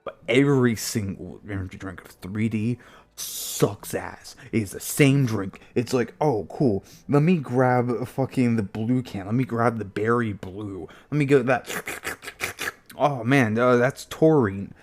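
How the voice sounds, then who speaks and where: A man streamer ranting casually and heatedly with lots of swearing, jumping into high silly voices to mimic people. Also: unhurried, a little mellow. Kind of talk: casual rant on a live stream.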